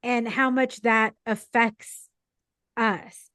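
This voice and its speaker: A woman's voice: a little high, fairly even intonation, extremely slow, sharp tone, no echo. A woman hosting a podcast, chatty and rambling with self-deprecating humor in casual conversation. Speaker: podcast host.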